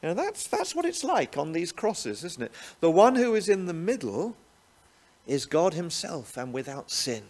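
A man's voice: a little high, very animated, moderate pace, a little mellow. A man preaching a sermon, often ending points with rhetorical tag questions. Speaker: pastor.

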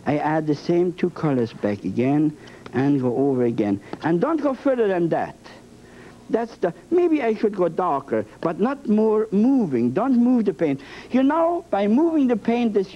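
A man's voice: high voice, sing-song, a little slow, slight background noise. A man teaching a painting lesson, talking with emphatic, playful repetition. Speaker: painting instructor. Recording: dull lo-fi broadcast sound.

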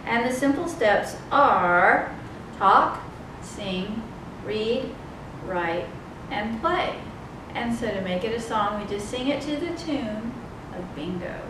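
A woman leading a children's storytime, reading aloud in a slow, sing-song, expressive way. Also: on the high side, background noise. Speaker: children's librarian. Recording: echoey room, mic far off.

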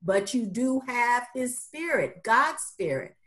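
Woman in a bible study, higher voice, earnest and encouraging, kinda preachy. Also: sing-song, slow pace, fairly bright tone. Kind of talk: casual group discussion.

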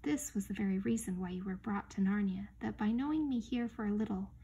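A woman voicing a wise, gentle male lion in a husky, breathy whispered role-play. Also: mid-range voice. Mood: gentle solemn. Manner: slow, tender, solemn.

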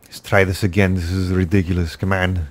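Low-voiced man narrating his gameplay. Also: flat delivery, a little fast. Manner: talks to himself, jokey, exasperated outbursts. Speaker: gaming YouTuber. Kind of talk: casual gameplay commentary.

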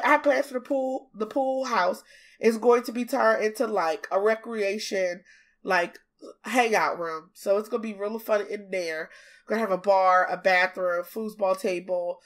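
A woman with a Southern US accent and a stuffy, congested nose chats casually over a video. She is bubbly, playful and chatty. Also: medium pitch. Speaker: gaming YouTuber.

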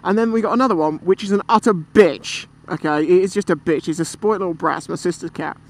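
A man's voice: high-pitched, fast talker. Chatty British man on a motorbike. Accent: British English. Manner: chatty, swearing, animated storytelling. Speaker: motorcycle vlogger. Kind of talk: casual storytelling while riding. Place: on a motorbike outdoors. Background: traffic and engine noise.

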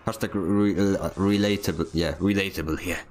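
A man's voice: sits low, steady tone, normal speed, crowd noise. A young man streaming a game, rambling and joking about himself as he plays, with frequent laughs. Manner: joking, rambling and self-mocking, laughs often. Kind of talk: casual gaming stream commentary.

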